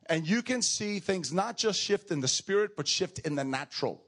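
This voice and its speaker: A man preaching a sermon and telling a personal story to a congregation, animated, rising high for emphasis and dropping low and quiet for tender moments. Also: normal speed.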